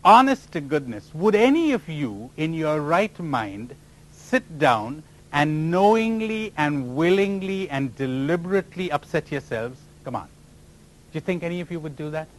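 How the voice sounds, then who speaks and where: A man's voice: a little high, big pitch swings, unhurried. A man giving a spiritual talk to a live audience, teasing them with rhetorical questions and sometimes mimicking other people's voices. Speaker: spiritual teacher.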